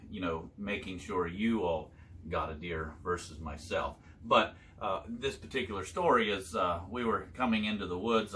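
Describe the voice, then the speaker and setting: An older man telling his son hunting stories from years back, in a halting, casual way with many fillers. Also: low-pitched, pushed and bright, a little hiss or hum. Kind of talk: casual storytelling chat.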